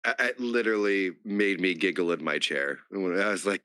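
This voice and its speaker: Deep-voiced easygoing man. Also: moderate pace, sharp tone, clear, resonant tone, dry recording, clean studio sound. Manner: upbeat and easygoing. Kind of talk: casual chat between players.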